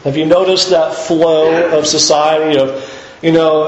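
A man preaching a sermon in an earnest, emphatic way, pushing his pitch up to stress his points. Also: flat delivery, a little slow, roomy sound, lo-fi sound, slight background noise.

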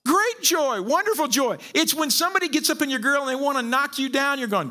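A middle-aged man preaching a sermon, animated and joking, often repeating his words as he goes. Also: very high-pitched, a little fast, hardly any pauses. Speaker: pastor.

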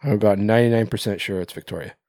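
A man's voice: on the low side, very fast, mellow, no echo, studio quality. Laughing, rambling man recapping a movie. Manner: rambling, swears, laughs often, acts out quoted characters. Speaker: podcast co-host. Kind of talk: casual movie recap chat.

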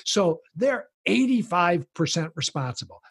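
A man explaining a parenting approach in conversation, animated and acting out the voices of people he quotes. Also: sits high, measured pace, vocal fry, husky.

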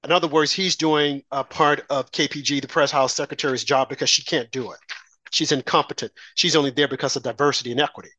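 A man's voice: mid-range voice, fairly even intonation, quick pace, sharp tone, no room sound. A man giving an indignant, scoffing political monologue, mocking opponents by mimicking them. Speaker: political commentator.

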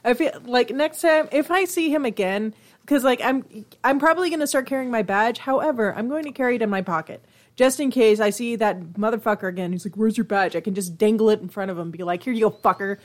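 A woman's voice: fairly high pitch, fast talker. A young woman co-hosting a casual podcast chat, venting in a heated, profanity-heavy rant.

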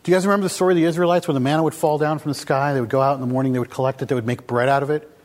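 Guy giving a laid-back sermon, kinda high voice, long echo off the hall. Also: fairly even intonation, very fast, noisy background. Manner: conversational, asks the congregation questions. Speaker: pastor. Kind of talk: casual sermon.

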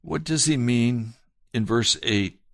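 A man preaching a slow, earnest sermon and telling a personal testimony. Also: medium pitch, vocal fry, a bit bright, no echo, clean studio sound. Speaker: pastor.

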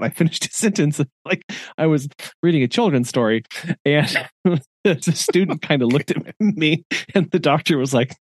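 His voice is fairly high, with lively intonation at a normal speed. This middle-aged podcast co-host tells a story in casual chat and laughs a lot, recorded in clean studio sound with no echo.

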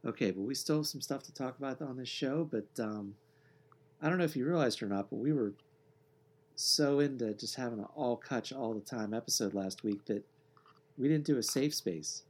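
A man co-hosting a sports podcast in casual chat, with a relaxed, joking, deadpan way of talking. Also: medium pitch, normal speed, breathy edge. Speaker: podcast co-host.

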